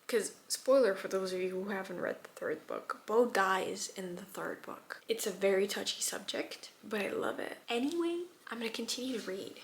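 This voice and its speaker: A woman in her early twenties talks casually about a book, gushing and animated. Her voice sits mid-range and now and then drops to a near-whisper. A faint background noise runs underneath. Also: mid-range voice, normal speed, few pauses. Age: 20s. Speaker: booktuber reading vlogger. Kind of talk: casual chat.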